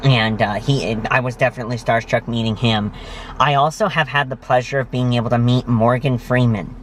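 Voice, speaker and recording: A man's voice: medium pitch, steady tone, fairly quick, slight background noise. A man hosting his own vlog, telling stories to the camera in an enthusiastic, effusive way. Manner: enthusiastic, effusive, heavy on praise words. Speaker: vlog host. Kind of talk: casual storytelling to camera.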